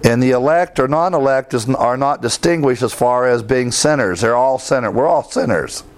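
A man's voice: medium pitch, normal speed. A man giving a Bible lesson, reading verses aloud with emphasis and adding conversational asides. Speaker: Bible teacher. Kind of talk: theology lecture.

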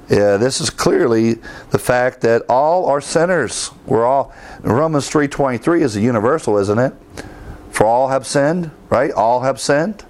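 Male Bible teacher, mid-pitched voice, lecturing and quoting scripture with emphasis. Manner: reads verses aloud with emphasis, conversational asides. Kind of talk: theology lecture.

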